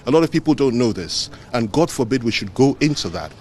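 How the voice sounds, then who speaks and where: A man's voice: medium pitch, animated, fast talker, darkish tone, a little hiss or hum. A man giving an earnest, emphatic press statement, repeating phrases for weight. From Nigeria. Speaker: politician speaking to the press.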